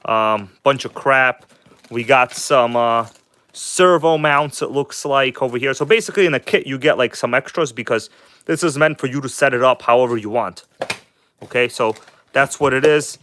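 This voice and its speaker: A man's voice: medium pitch, normal speed, fairly bright tone. A man hosting a casual live stream, rambling and chatty, talking bluntly and enthusiastically to his viewers.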